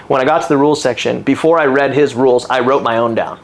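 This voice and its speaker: A man's voice: medium pitch, a little fast. Earnest man in his thirties, reflective. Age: 30s. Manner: earnest, candid and reflective, with animated retellings. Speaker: podcast guest. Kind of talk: casual interview storytelling.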